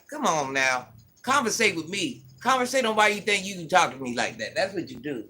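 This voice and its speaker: A woman's voice: fairly low pitch, big pitch swings, fairly quick, bright, forceful tone. An older woman hosting a casual livestream, bluntly scolding and answering viewer comments. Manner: sassy, scolding, blunt talk-back. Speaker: livestream host.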